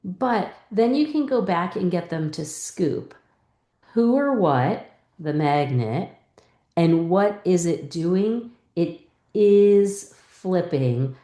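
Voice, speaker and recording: A woman teacher explaining a reading lesson, calmly modeling teacher and student turns step by step. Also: on the low side, slow, roomy sound. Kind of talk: instructional lesson.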